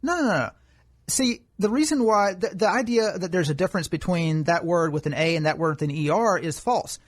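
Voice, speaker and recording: Argumentative man, slightly high voice. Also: brisk. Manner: argumentative, explains at length. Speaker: podcast co-host. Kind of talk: political commentary chat.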